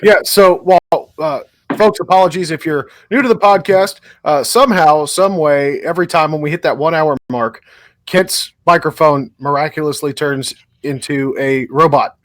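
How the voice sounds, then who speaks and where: A man with a slightly higher voice co-hosts a podcast, joking and addressing the listeners directly. His voice sounds close and dry, with no room around it. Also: normal speed, fairly bright tone, no echo. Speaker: podcast co-host. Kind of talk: casual podcast banter.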